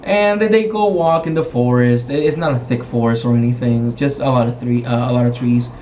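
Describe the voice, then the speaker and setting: A male game master casually recaps a tabletop roleplaying session, rambling and animated, with frequent restarts. His voice is medium-pitched and fairly quick, with slight background noise.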